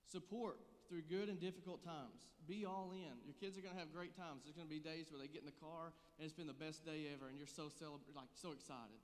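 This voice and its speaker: A man's voice: a little high, long reverb tail. A man in his thirties preaching a sermon, conversational and joking, growing earnest and intense. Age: 30s. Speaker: pastor.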